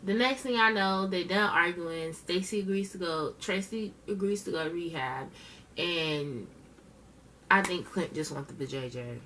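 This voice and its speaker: A woman's voice: lowish voice, a little slow, bright, forceful tone, distant mic, slight background noise. A woman giving blunt, slangy, profane casual commentary as a reality show reviewer, talking straight to her viewers. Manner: chatty, addresses viewers directly.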